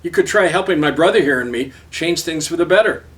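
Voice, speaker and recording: A man's voice: fairly high pitch, animated, a little fast, fairly bright tone, recorded from a distance, pitched above the performer's own voice. A man voicing a blunt old Cree street elder. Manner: blunt, matter-of-fact. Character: aged Cree street elder, laconic and defiant.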